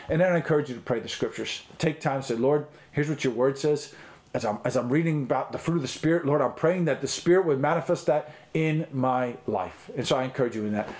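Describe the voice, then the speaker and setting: A man's voice: medium pitch, darkish tone. A middle-aged man teaching as a pastor in a recorded online talk, earnest and conversational, with frequent ums and restarts.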